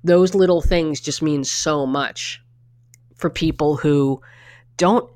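A woman's voice: deep voice, slow, darkish tone. A middle-aged woman co-hosting a casual chat, telling personal stories with lots of restarts and the odd swear word. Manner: chatty storyteller with frequent restarts and swearing. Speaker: podcast co-host.

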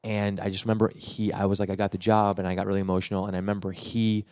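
A man's voice: on the low side, flat delivery, fast, a little mellow, no echo, studio quality. A man from New York telling a long personal story in a casual, rambling way, with many restarts and acted-out quotes. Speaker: guest telling his career story.

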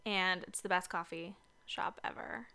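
Speaking with a lowish, sharp voice, fairly even intonation and an unhurried pace, this young woman co-hosts a relaxed podcast. She records from a basement home studio in the Seattle area and keeps the chat upbeat.

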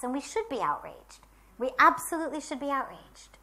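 Woman spiritual teacher, earnest and emphatic, slightly high voice, measured pauses. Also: huge pitch swings, pushed and bright. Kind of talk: spiritual talk.

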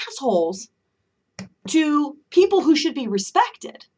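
A woman speaking alone to her audience in a heated, emphatic rant, punctuating her points with "okay?". Her voice sits fairly high and is picked up from some distance off the mic. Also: expressive, unhurried. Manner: emphatic, ranting, keeps asking "okay?". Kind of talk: impassioned solo monologue.

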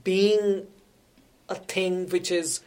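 A woman from India speaks as a guest in a relaxed interview. She explains things carefully and patiently, often pausing to restart her sentences. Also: lowish voice. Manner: measured, explanatory, with frequent restarts. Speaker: guest researcher. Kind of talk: conversational interview.

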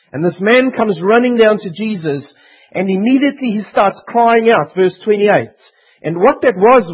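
A man's voice: high-pitched, husky, highs cut off. A man preaching a sermon in an earnest, emphatic way. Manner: earnest, emphatic, voicing pleading demons.

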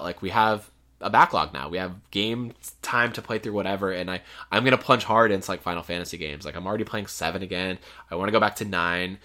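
A man's voice: on the low side, sharp tone. A man co-hosting a video game podcast, talking animatedly with lots of swearing and "like" fillers. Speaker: podcast co-host. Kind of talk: casual chat.

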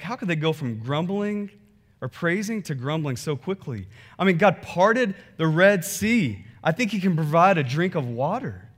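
A man preaching a sermon, conversational and animated, reading scripture and acting out churchgoers. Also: on the high side. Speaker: pastor.

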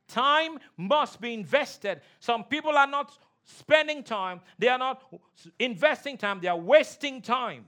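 A male pastor with a very high, bright, forceful voice preaches to his congregation in a church. He calls for responses and repeats his key lines. He moves from rousing shouts to low, quiet emphasis. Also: expressive, unhurried. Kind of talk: sermon. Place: church sanctuary.

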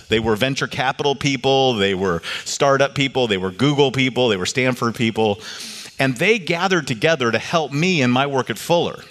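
A man giving a sermon, telling a story and lifting his voice when he quotes others. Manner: animated, rises in pitch for quoted voices. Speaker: preacher. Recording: long reverb of a large hall.

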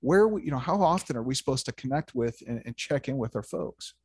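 Male host, animated storyteller who stammers and restarts, dry close mic. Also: mid-range voice, brisk, husky, no echo. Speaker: podcast host. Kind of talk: casual interview chat.

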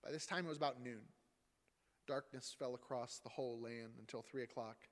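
A man's voice: medium pitch, steady tone, moderate pace, long reverb tail. A man giving a dramatic liturgical reading of scripture in church, acting out the voices in the passage. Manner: acts out the voices in the passage, rising loud for the crowd. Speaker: scripture reader.

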